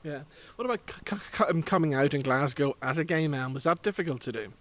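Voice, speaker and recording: A man's voice: a little high, animated, fast, a bit bright. Man hosting a TV chat show. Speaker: TV show host. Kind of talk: broadcast interview.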